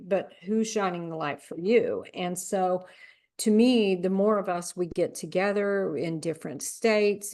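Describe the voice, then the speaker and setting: A woman hosting a podcast who talks her way slowly into each question. Her voice is a bit low and she winds around before she asks. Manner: reflective, rambling questions with many fillers. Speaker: podcast host. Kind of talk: conversational interview.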